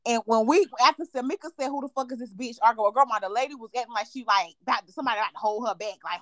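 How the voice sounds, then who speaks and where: A woman co-hosting a podcast, telling stories in casual chat, animated, profane and quick to laugh. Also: a little high, no echo. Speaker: podcast co-host.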